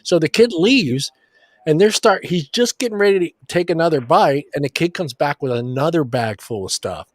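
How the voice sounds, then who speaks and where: A man's voice: a little high, animated, normal speed, no echo. A man co-hosting a casual sports chat show, telling long rambling stories and swearing casually. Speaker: podcast co-host.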